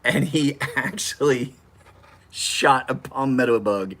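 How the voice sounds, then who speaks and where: Husky-voiced man rambling to viewers. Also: medium pitch, takes it slowly, a bit bright. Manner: laughing, profane storyteller. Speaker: knife sharpening channel host. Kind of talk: rambling live chat with viewers. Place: home garage.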